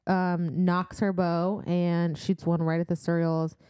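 A woman co-hosting a casual book-club podcast, retelling the plot in an animated way with lots of fillers. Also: on the low side, slow pace, clear, resonant tone, dry recording, studio quality. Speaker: podcast co-host.

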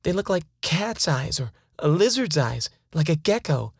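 A woman's voice: low voice, big pitch swings, moderate pace, breathy edge, no room sound, clean studio sound, heavily acted. A woman playing a frightened, defiant abductee. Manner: fearful pleading turning to angry defiance. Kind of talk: dramatized first-person account.

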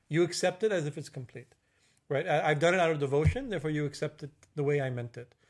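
A middle-aged spiritual teacher speaks informally on religion, his fairly high voice a little mellow. The talk is halting, with many fillers and restarts and a habitual "right?".

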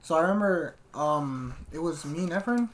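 Laid-back and full of slang, this man hosts a casual podcast where he tells stories and keeps calling people "fool." His voice is a little high and expressive, moving at a normal speed.

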